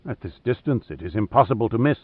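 A man reading the part of a calm male sniper who replies in flat, factual statements. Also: on the low side, fast, no room sound, phone-quality sound. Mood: matter-of-fact.

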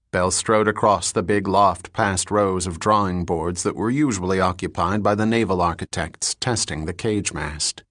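Low-voiced male audiobook narrator. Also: dry recording, studio quality. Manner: measured, even reading with terse character dialogue. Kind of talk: scripted narration.

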